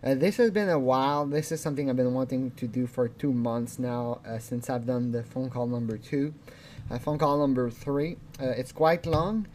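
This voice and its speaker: A man's voice: medium pitch, moderate pace, darkish tone, slight background noise. A man hosting a casual video commentary, rambling along with chuckles and restarts. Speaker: channel host.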